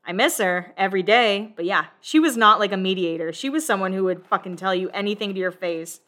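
A woman hosting a casual recap chat, talking freely with plenty of swearing and quick laughs. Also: mid-range voice, fairly bright tone. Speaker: podcast host recapping a reality show.

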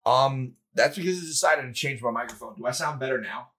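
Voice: mid-range voice, fairly quick, fairly bright tone, breathy edge, low-quality recording. A podcast co-host chatting casually about video games over a remote call, rambling with many fillers. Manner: rambling, lots of fillers and restarts. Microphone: remote call over Discord.

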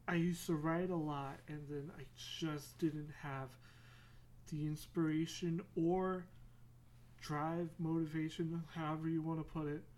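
A man's voice: on the high side, darkish tone. A man talking alone on a casual podcast. He wanders from thought to thought, leans on a lot of fillers and often pokes fun at himself. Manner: rambling, many fillers, self-deprecating humor. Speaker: podcast host. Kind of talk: casual solo podcast monologue.

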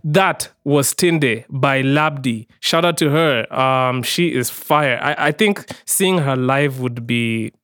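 Smooth-voiced laid-back male podcast host. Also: mid-range voice, slow, few pauses, fairly bright tone, no room sound. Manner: laid-back, peppers speech with "bro" and "man". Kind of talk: casual podcast outro chat.

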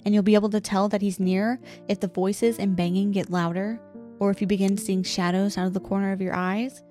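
Woman podcast co-host, steady mid-pitched voice, deliberate rule-reading, faint music behind. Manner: reads rules slowly and deliberately, laughs often. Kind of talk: casual podcast chat, reading out game rules.

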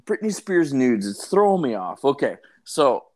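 A man's voice: medium pitch, very animated, moderate pace, crowd noise. Young male podcast co-host; rambling, crude, casual. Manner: rambling, profane, joking.

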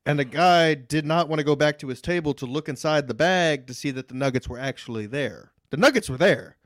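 A man's voice: fairly high pitch, fairly quick, dry recording. A man in his twenties co-hosting a casual podcast, ranting and cursing, raising his voice when riled up. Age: 20s. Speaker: podcast co-host. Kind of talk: casual chat. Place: Texas.

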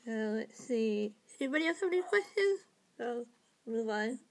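A woman's voice: fairly high pitch, expressive, normal speed. A woman hosting a casual interview, asking easygoing questions with small hesitations. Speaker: interview host.

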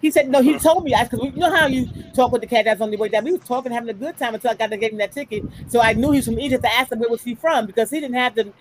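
A woman talks through her experiences in a relaxed podcast chat. Her voice sits high for a woman, and she slips into the voices of the people she quotes. A clear noise runs behind the recording. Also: very fast, few pauses, low-quality recording. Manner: animated storyteller, acts out quoted voices. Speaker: podcast panelist. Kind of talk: casual chat.

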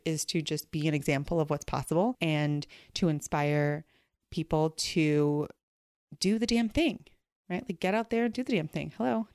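A woman's voice: fairly low pitch, smooth, no room sound, studio quality. Stuffed-up upbeat woman podcast host. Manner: upbeat, chatty, laughs often. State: stuffed up from a summer cold. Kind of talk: casual podcast chat.

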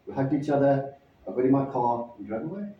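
A pastor telling a personal story in a sermon, conversational and halting, with frequent restarts. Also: male voice, mid-range voice, animated, slight background noise. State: emotional, near tears. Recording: distant mic in echoey hall, dull sound.

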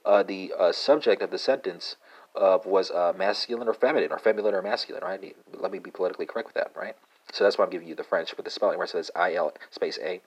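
A man hosting a casual language lesson podcast, halting with many fillers and asking "right?" after nearly every word. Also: sits low. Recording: dull lo-fi sound.

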